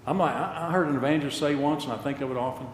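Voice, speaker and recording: A man's voice: a little high, very fast, slight background noise. An older man preaching a sermon with passion, repeating phrases for emphasis, recorded in a large church hall. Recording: echoey hall with long reverb.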